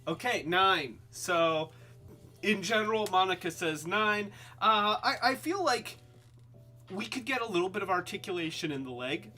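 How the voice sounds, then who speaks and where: A man hosting a casual toy live stream, rambling and halting, with many restarts and fillers, and calling himself by a nickname in the third person. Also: sits high, lively intonation, sharp tone, soft background music. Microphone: webcam.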